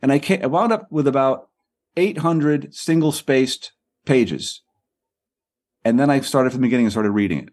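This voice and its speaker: A middle-aged man, an author and guest, telling animated anecdotes quickly and repeating words as he goes. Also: mid-range voice. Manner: quick, repeats words and acts out quoted people.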